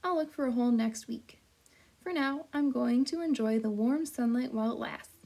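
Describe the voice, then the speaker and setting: A lazy, croaking frog from a storybook read-aloud, drawling along in no hurry as a woman reads him. The voice is mellow and a touch husky. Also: fairly high pitch, normal speed.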